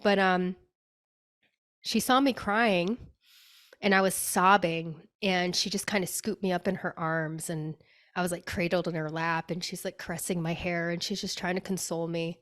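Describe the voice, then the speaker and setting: A woman's voice: fairly low pitch, steady tone, moderate pace, a bit bright. A woman being interviewed on a podcast as a spirit medium, telling a personal story in a chatty way, often saying "like" and acting out her own past words.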